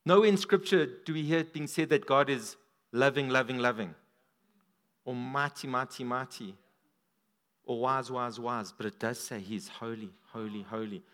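A man preaching a sermon at a church service, animated, his voice swinging up and down for emphasis. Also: moderate pace. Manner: animated, rises and drops in pitch and volume for emphasis.

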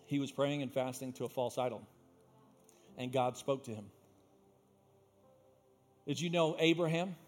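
A young adult man preaching a sermon as pastor, telling stories with loud bursts and quiet asides. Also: medium pitch, measured pace, long pauses, soft background music. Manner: animated storytelling, swinging between loud bursts and quiet asides.

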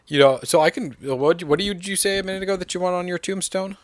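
A man's voice: high voice, a little fast, no echo. A man co-hosting a podcast in casual chat, trading playful, teasing banter. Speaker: podcast co-host.

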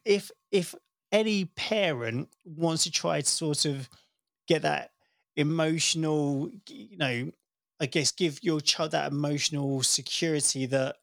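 Gravelly candid man on a podcast. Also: a little high, no room sound, studio quality. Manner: candid, animated storyteller. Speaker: podcast host. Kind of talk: casual podcast chat.

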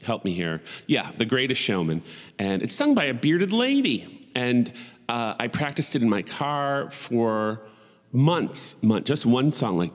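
A man's voice: mid-range voice, sing-song, measured pace, in a large hall. A man in his forties hosting a podcast in casual solo chat, rambling and profane with wry asides. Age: 40s. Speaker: podcast host.

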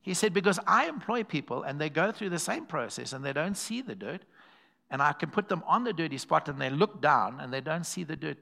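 Man preaching in church, bright forceful voice, slightly high, animated storytelling. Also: brisk, creaky. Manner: animated, calls to the congregation, acts out quoted voices. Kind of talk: sermon with storytelling.

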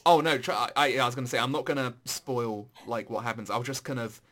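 A man in casual chat about video games, animated and swearing, his voice jumping high when excited. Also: brisk.

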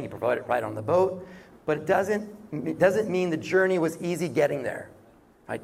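A man's voice: high voice, slightly rough. A man preaching a sermon in a conversational way, often acting out short quoted voices. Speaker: pastor.

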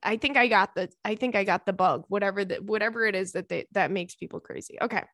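A young adult woman hosting a podcast, telling stories in a casual, animated way, laughing often and acting out what her friends said. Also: mid-range voice, fast talker, dry recording, clean studio sound. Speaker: podcast host. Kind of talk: casual storytelling chat.

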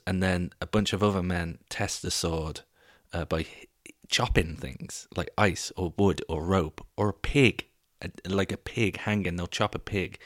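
A man's voice: deep voice, no echo, studio quality. A British man hosting a solo comedy podcast, rambling and jokey with plenty of swearing.

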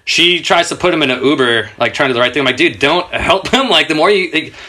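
A man's voice: very fast, sharp tone. A man in his thirties, a skateboarder guest on a podcast, telling laid-back, profane stories and laughing as he talks. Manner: raises his pitch a lot when quoting people. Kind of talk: casual podcast storytelling.

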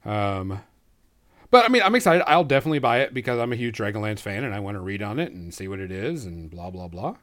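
A man's voice: lowish voice, big pitch swings, quick pace, a bit bright. Laid-back guy hosting a podcast, rambles, says um a lot. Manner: easygoing, rambling with many fillers. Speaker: podcast host. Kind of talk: casual chat.

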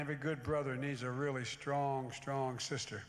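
A man's voice: medium pitch, flat delivery, moderate pace. A man giving a speech at a church event, folksy and emphatic. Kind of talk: public speech. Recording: reverberant hall with faint noise.

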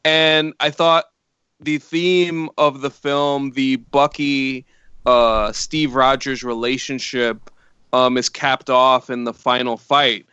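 A man co-hosting a casual movie podcast, talking haltingly and repeating words as he thinks. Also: mid-range voice, little pitch movement, sharp tone, smooth, no echo, lo-fi sound. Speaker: podcast co-host.

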